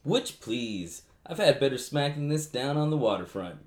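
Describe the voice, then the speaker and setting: A woman doing a very deep, stoned slacker Hansel. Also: expressive, normal speed, darkish tone, faint music behind. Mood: sluggish. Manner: drowsy slacker slang, lazy drawl. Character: stoned, laid-back boy Hansel, crude slacker. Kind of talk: comedic parody storytelling.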